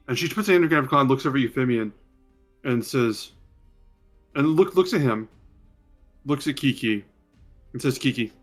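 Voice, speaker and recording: A man narrating as game master in a tabletop game, with halting, self-correcting narration. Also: mid-range voice, a bit bright.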